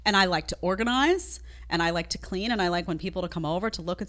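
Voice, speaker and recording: A woman's voice: fairly low pitch, fast talker, fairly bright tone. A woman commenting on a played clip with an indignant, sarcastic, emphatic manner. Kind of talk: opinionated commentary.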